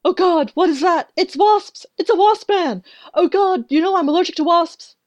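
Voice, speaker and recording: A woman's voice: very high-pitched, normal speed, voice pushed up. A woman voicing a panicked office worker who screams in alarm.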